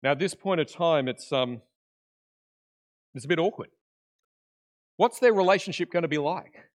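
Male preacher, conversational sermon, slightly high pitch, animated storyteller with hushed dramatic drops. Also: normal speed.

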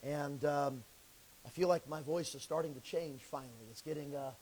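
A pastor, preaching a sermon in an earnest, folksy way with a slightly crackly, scraggly voice. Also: male voice, fairly high pitch, darkish tone. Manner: earnest, folksy, pauses to clear throat.

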